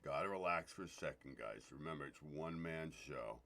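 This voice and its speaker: A man with an extremely low, gravelly voice and a sharp tone hosts a loose live stream, talking briskly and animatedly. He jokes, swears and greets viewers by name in casual chat.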